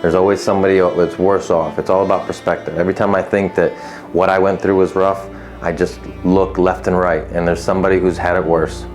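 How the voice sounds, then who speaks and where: A man's voice: sits low, level tone, brisk, darkish tone, faint music behind. A man speaking unscripted to camera, sharing a personal testimony in a blunt, profane, tough-love way. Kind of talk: unscripted direct-to-camera talk.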